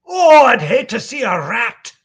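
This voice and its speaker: A man voicing a stubborn, gruff old Scottish man with a Scottish accent, blustering in a high voice inside a joke. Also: sing-song, a little slow, exaggerated voice. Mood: exclaiming.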